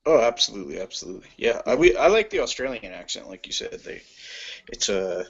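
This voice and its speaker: A man's voice: on the low side, expressive, quick pace, gravelly, lo-fi sound. A man with a Canadian accent, chiming in with jokes on a casual podcast call. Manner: joking, chiming in. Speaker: guest on call.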